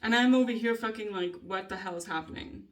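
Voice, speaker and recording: A woman's voice: mid-range voice, fairly quick, a bit bright, far from the mic. A woman vlogger venting in a rambling, casual way, swearing heavily and laughing often between thoughts. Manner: rambling, heavy swearing, frequent nervous laughter.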